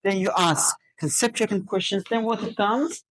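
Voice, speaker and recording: A woman's voice: medium pitch, normal speed, rough recording. A woman teacher trainer running a classroom lesson, drilling students with questions and counting out word stress. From Azerbaijan.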